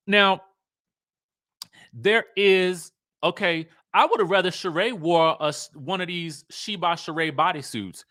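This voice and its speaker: Sassy, bright-voiced man, dry close sound. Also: high voice, unhurried, no echo. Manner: sassy, animated, playful drawl, repeats himself. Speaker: host. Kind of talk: casual live-stream commentary.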